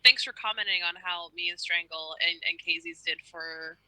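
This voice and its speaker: Bright, giggly woman co-host. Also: lowish voice, steady tone, normal speed, no room sound, poor audio. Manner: giggly, rambling. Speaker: co-host on call. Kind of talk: casual chat.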